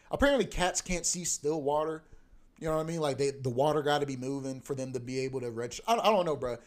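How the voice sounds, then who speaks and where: A young man hosting a podcast in a casual, profane, ranting monologue that keeps coming back to "bro.". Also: mid-range voice. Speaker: podcast host.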